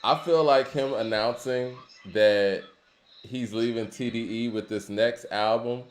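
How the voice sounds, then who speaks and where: A man's voice: mid-range voice, fairly even intonation, a little slow, reverberant, a little hiss or hum. A man co-hosting a casual talk show, musing conversationally with lots of filler phrases. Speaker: podcast co-host. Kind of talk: casual hip-hop discussion.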